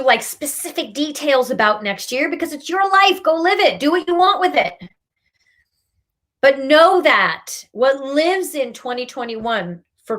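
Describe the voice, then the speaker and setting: Woman host, live card reader, higher voice, slow and emphatic, tough-love scolding. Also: a bit bright. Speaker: spiritual reader and meditation host. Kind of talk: live-streamed card reading.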